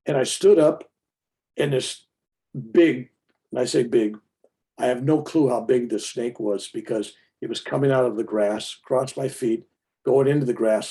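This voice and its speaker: A man in his fifties with a mellow, relaxed tone tells a personal story to an audience. He acts out the dialogue as he goes, and his voice comes through a video call. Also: mid-range voice. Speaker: speaker.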